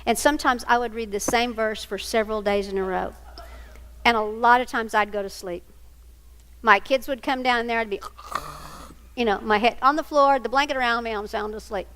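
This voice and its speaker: A woman's voice: fairly high pitch, fairly even intonation, normal speed, fairly bright tone, slight background noise. An older woman giving a storytelling talk to single parents, homey and anecdotal, acting out family dialogue. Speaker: speaker at a single-parent ministry event.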